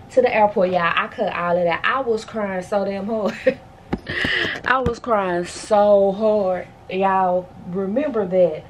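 A woman's voice: medium pitch, background noise. A woman vlogging at home in casual chat to her viewers, exclaiming and slangy, a bit out of breath. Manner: chatty, exclaims, talks straight to viewers with slang. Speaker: lifestyle vlogger. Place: at home, bedroom.

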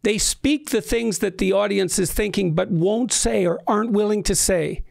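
A middle-aged man co-hosting a podcast, talking in a measured, probing way with frequent restarts. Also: sits high, vocal fry, a little mellow, no echo, clean studio sound. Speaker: podcast co-host. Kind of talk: conversational interview.

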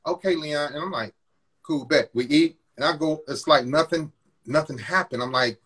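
A male guest with a slightly high, a bit bright, slightly rough voice speaks fairly quickly in a candid personal confession about how he used to treat a partner. Blunt and stumbling, he repeats words and acts out what his past self would say.

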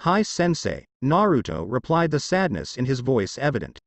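A man's voice: mid-range voice, sing-song, moderate pace, no room sound. A man narrating a fan fiction story in a plain read-aloud manner.

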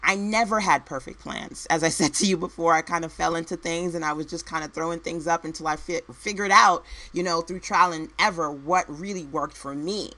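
A woman's voice: fairly low pitch, fairly quick, hardly any pauses, pushed and bright. A woman entrepreneur and work-at-home mom giving a motivational speech, with punchy one-word headings, repeated phrases and conversational asides to the listener.

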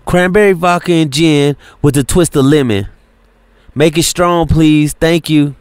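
A man voicing a hot-tempered young woman with a switchblade, cursing and defiant in a raised, high voice. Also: a little slow, darkish tone, smooth, no echo. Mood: demanding.

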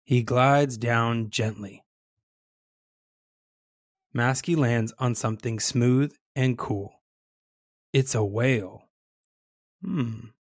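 A storyteller reading a children's story aloud in a gentle, expressive way, with lively sound words. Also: mid-range voice, slow, pauses often, no room sound, studio quality.

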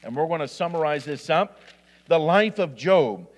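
Male preacher, high voice, scripture reading with restarts, reverberant church hall. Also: lively intonation, moderate pace. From Indiana. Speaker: assistant pastor. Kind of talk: sermon. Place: church sanctuary.

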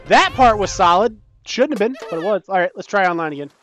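A young man giving casual, excitable commentary while playing a game, breaking into panicky outbursts and joking about his own skill. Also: sits high, fast, faint music behind. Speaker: gaming YouTuber.

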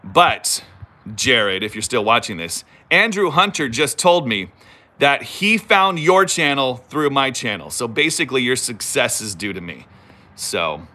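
A middle-aged man talks casually on a live stream, full of rambling asides and self-teasing jokes. His voice is bright and lively, swinging up and down a wide range. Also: medium pitch, slight background noise. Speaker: YouTube vlogger hosting a live stream. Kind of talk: casual live-stream chat, reading viewer comments.

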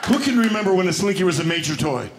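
Male stand-up comic, high voice, punchy, roomy club with loud laughter. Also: fast talker, very noisy. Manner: animated, punchy delivery with acted-out dialogue. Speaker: stand-up comedian. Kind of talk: stand-up comedy set. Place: comedy club stage. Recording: roomy stage sound with loud audience laughter.

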